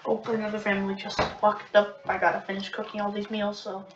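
A woman giving casual, rushed commentary on her own gameplay, talking to herself and shouting sudden orders at the game. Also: medium pitch, heavy background noise. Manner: rushed, excitable self-talk, muttering orders, sudden shouts. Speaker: gamer commenting on own play. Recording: roomy, dull, distant mic with keyboard clicks. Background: keyboard typing and mouse clicking.

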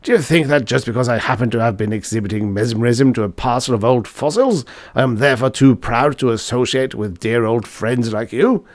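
A man voicing a hearty, testy elderly male professor who blusters and shouts in high spirits. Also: brisk, few pauses, no room sound, clean studio sound, natural voice. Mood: boisterous.

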